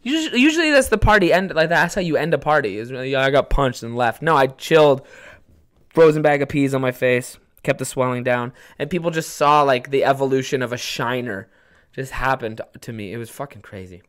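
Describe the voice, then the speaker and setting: A man's voice: medium pitch, a little fast, fairly bright tone. A young man hosts his own podcast from home, spinning a rambling party story in a loose, profane way. He swears often, laughs at himself, and wanders off into asides before getting back on track. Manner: rambling, profane, self-mocking. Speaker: podcast host. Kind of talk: casual solo storytelling.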